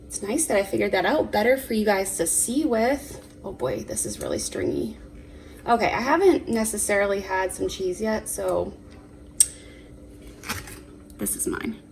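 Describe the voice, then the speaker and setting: A woman's voice: medium pitch, big pitch swings, normal speed, creaky, long pauses, a little hiss or hum. A woman vlogging a cook-along in her home kitchen, chatty and giggly, rambling with fillers as she talks to the camera. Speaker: cooking vlogger. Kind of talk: casual cook-along chat. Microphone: camera on a tripod.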